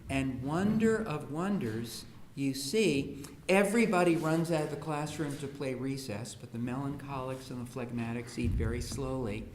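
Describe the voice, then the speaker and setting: A man's voice: mid-range voice, normal speed, hardly any pauses. Humorous man speaking in an echoey hall. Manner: humorous storyteller, acts out quoted children and parents. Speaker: speaker on education. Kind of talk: public talk to an audience. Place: school hall. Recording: echoey room with faint hiss.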